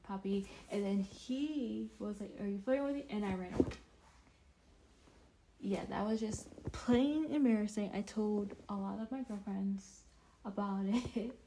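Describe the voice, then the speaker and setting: Young woman, casual storytime vlog, rambling, restarts, sudden loud bursts, medium pitch, faint background noise. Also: poor audio. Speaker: vlogger.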